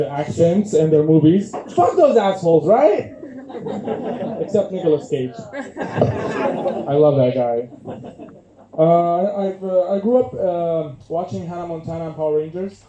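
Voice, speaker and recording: A young man from Syria with a Syrian Arabic accent doing a self-mocking stand-up set, halting often with fillers. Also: a little high. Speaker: stand-up comedian. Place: comedy club stage. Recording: echoey club with loud noise, bad audio.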